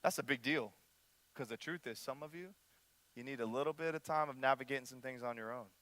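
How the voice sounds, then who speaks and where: A young man preaching a sermon, animated, often acting out the voices of people in the story and speaking straight to the crowd. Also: mid-range voice, brisk, dry recording. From United States. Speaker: young adult ministry pastor.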